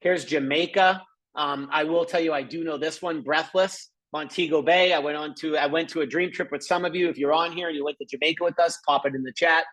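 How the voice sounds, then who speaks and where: A middle-aged man giving an excited, chatty sales presentation over a live screen share, with lots of asides to viewers. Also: on the high side, a little fast. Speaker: presenter of a travel membership.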